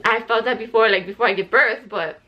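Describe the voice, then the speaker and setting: A woman's voice: on the high side, fairly quick, highs cut off. A young woman chatting casually to camera about her pregnancy, a bit out of breath and full of "like" and restarts. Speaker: vlogger sharing a pregnancy update.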